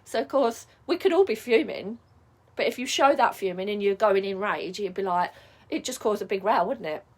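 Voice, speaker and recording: A woman's voice: medium pitch, lively intonation, normal speed. A middle-aged woman coaching viewers in a casual advice vlog, chatty and reassuring, often checking in with "yeah?". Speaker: spiritual life coach.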